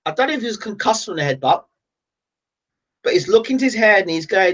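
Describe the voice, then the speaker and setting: A man giving live fight commentary on his own channel, exasperated and ranting, now and then breaking into excited shouting. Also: high voice, fairly quick, lo-fi sound.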